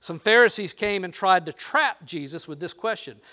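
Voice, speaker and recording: A man's voice: high voice, expressive, normal speed, bright, forceful tone. An older man preaching a sermon, playful and teasing, talking straight to the crowd. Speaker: pastor.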